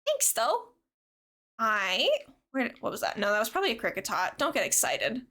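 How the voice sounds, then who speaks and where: A woman's voice: mid-range voice, sing-song, brisk, pushed and bright. A young woman streaming a game, chatting bubbly and giggly with her viewers and reading chat aloud. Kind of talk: casual livestream chat with viewers.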